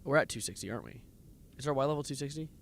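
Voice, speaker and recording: A man's voice: medium pitch, expressive, racing, gravelly. A man streaming a game live, nervously muttering coordinates, reading chat and breaking into sudden exclamations. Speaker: livestreamer playing a game.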